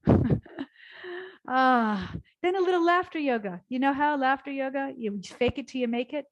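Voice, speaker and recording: A woman teaching a gentle yoga class, guiding softly and slowly, then bursting into cheers and laughter exercises. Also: sits high, highs cut off. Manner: soothing and slow, breaking into loud laughter and cheers.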